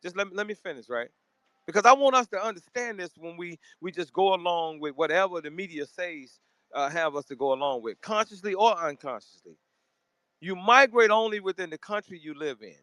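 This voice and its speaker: A man from Memphis with a slightly raised pitch hosts a heated live audio room. He speaks forcefully and stammers out repeated words as he presses his point. The sound is dry, with no room around it. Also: a little fast, no echo. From Memphis, Tennessee. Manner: forceful, repeats words, cuts in to correct others.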